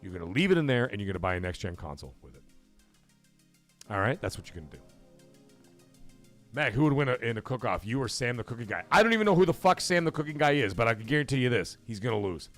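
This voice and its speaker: A man's voice: medium pitch, sing-song, fast talker, faint music behind. A man hosting a casual live gaming stream, blunt and profane, talking straight to his chat. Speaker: livestream show host.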